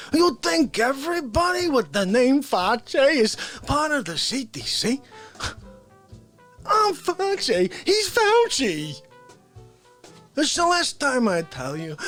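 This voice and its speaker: A brash, boastful male politician parody, put on by a man hosting a comedy show. He talks in a high, swooping voice at an unhurried pace, jumping from sudden shouts to hushed asides. The act is loud and over the top. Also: full character voice. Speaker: show host. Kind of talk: unscripted comedy character monologue.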